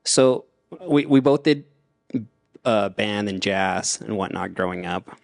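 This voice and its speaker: A man's voice: fairly low pitch, animated, takes it slowly, vocal fry, no room sound, studio quality. A man co-hosting a casual podcast chat, rambling and repeating words as he talks. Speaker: podcast co-host.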